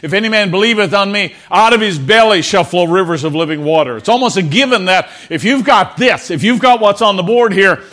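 A man's voice: sits high, lively intonation, fairly quick, few pauses, fairly bright tone. A man preaching a sermon to his congregation, earnest and prone to repeating words, asking them to answer back. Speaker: pastor. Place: church before a congregation.

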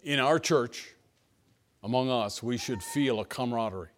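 A pastor preaching a sermon to his church, telling personal stories in a folksy manner that swings between hushed asides and emphatic lines. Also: medium pitch, moderate pace. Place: church sanctuary.

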